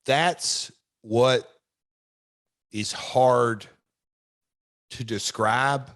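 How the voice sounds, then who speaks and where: A middle-aged man, a wrestler hosting a podcast, telling a story in a reflective, halting way. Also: mid-range voice, steady tone, fairly bright tone. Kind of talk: casual podcast chat.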